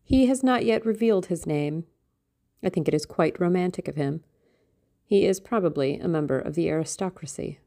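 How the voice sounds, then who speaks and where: A woman's voice: on the low side, moderate pace, warm tone, lightly acted. A woman voicing a vain, theatrical middle-aged mother with a genteel, self-satisfied manner. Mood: complacent.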